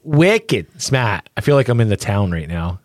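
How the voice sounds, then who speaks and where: A man from New Hampshire co-hosting a podcast, joking around in excitable, fast casual banter. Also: lowish voice, dry recording, clean studio sound. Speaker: podcast co-host.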